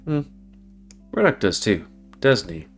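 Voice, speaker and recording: A man acting out a gruff older father in a game story, dry and probing. He drawls slowly in a low register. Quiet guitar lingers behind him. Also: big pitch swings, exaggerated voice. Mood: drawling.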